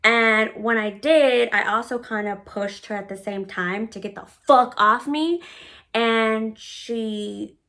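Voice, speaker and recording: A woman recounts a personal story in a loose, casual storytime style. Her voice sits a bit high, and her delivery is brash, sassy and full of profanity. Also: slow, a bit bright. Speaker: vlogger telling a personal story.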